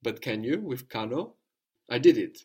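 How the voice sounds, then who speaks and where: Man, language teacher, medium pitch, patient, prompting questions, repeats answers. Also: lively intonation, normal speed, a little mellow, breathy edge. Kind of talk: guided language lesson.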